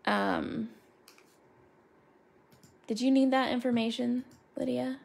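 A woman with a gravelly, creaky voice chats in a slow, unhurried way while she colors. She rambles from one thing to the next and greets her viewers by name. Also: fairly high pitch, steady tone, a little mellow. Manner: chatty and rambling, talks to chat viewers by name. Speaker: crafter coloring live with viewers.

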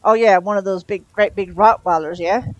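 A woman's voice: lowish voice, a little fast, dry recording, highs cut off, lightly acted. Brief: woman reader voicing opinionated kid, withering and authoritative, dry close sound. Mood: sarcastic. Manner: sarcastic, authoritative. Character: opinionated, sarcastic young girl.

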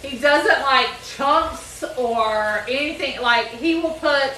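A woman's voice: high voice, takes it slowly, bright, forceful tone. A woman chatting casually on a home cooking livestream, reading viewer comments aloud and jumping in with her own stories. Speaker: co-host reading live chat. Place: home kitchen. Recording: echoey room, distant mic, noticeable noise.

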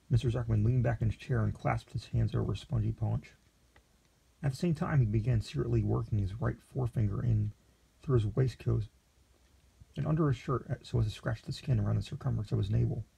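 Brief: male storyteller, deep dark timbre, raspy and gravelly, plain unhurried reading.

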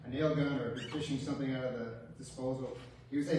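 A man's voice: mid-range voice, fairly even intonation, quick pace, darkish tone, slight background noise. A man giving a eulogy for his father in a church, telling humorous stories with a wry, chuckling manner. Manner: wry storytelling with light chuckles. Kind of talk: funeral eulogy with humorous anecdotes. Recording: very echoey church, distant mic.

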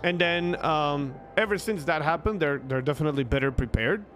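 A young man casually telling a long, animated story, swearing freely and restarting his sentences. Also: fairly high pitch, fairly quick, faint music behind. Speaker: streamer telling stories.

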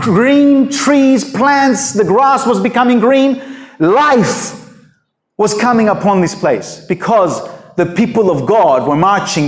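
Male pastor preaching, earnest and emphatic, high-pitched voice. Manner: earnest and emphatic, with rhetorical questions. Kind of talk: sermon.

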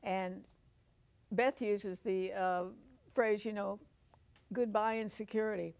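A woman's voice: medium pitch, steady tone, slow, gravelly, a little mellow. An older woman hosting a Christian television talk show, chatty and earnest, often repeating herself and using fillers. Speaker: host.

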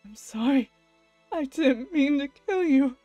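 A woman's voice: sits high, lively intonation, slow, mellow, dry recording, faint music behind. A woman voicing a guilt-stricken young male scientist, narrating with anguish as she reads a visual novel aloud. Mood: shattered. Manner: anguished first-person narration.

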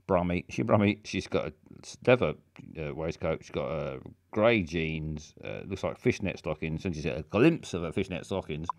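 A man's voice: sits low, lively intonation, normal speed, no echo. A man streaming a game, describing a character in a rambling, hesitant way full of fillers. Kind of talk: casual game commentary.

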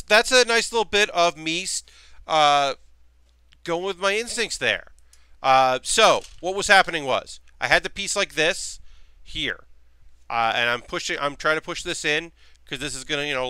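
A man streaming live in casual chat, rambling and thinking aloud with frequent restarts, dropping to a quiet mutter while he works with his hands. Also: a little high, clear, resonant tone, dry recording. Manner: drops to a quiet mutter while focused on handiwork.

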